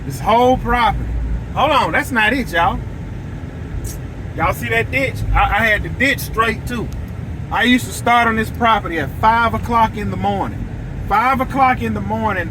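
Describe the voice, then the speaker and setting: A man telling an excitable, repetitive story to viewers from his vehicle. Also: high voice, normal speed, noisy background. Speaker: lawn care business owner. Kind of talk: casual storytelling vlog. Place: vehicle, driving outdoors.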